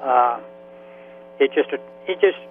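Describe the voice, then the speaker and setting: A man in his seventies, a veteran and author, telling his story in a halting, emotional way with many restarts. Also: medium pitch. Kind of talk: radio interview by phone. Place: Florida. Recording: tinny phone line with faint hiss.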